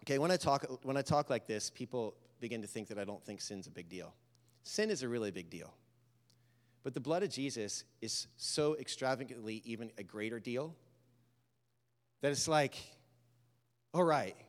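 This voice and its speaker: A man preaching a sermon, telling a story and urging his listeners, talking casually and building to loud, animated exhortation. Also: mid-range voice, normal speed, pauses often. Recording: reverberant hall.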